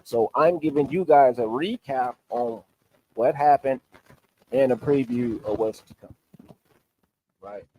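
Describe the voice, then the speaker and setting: A man's voice: medium pitch, unhurried, pauses often, dark tone, slight background noise. A man recapping an online debate on a livestream, emphatic and argumentative while he walks through sources on screen.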